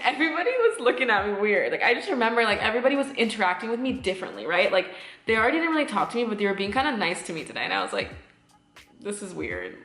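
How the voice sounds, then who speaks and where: A woman's voice: medium pitch, a bit bright, reverberant. Chatty young woman telling a story. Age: 20s. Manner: chatty, lots of fillers and swearing. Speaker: vlogger. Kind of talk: casual storytime.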